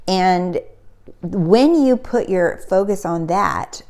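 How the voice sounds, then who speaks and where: A woman's voice: fairly low pitch, lively intonation, takes it slowly, a little mellow. Middle aged lady coach chatting about her life, tells stories and does the voices. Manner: storytelling, acts out quotes. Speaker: spiritual coach. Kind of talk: casual motivational talk.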